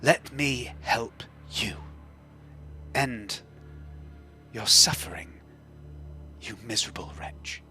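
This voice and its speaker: A man voicing a vengeful, disembodied female machine spirit in a whispered role-play, slow, cold and breathy. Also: medium pitch, pushed and bright, soft background music. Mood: menacing whisper.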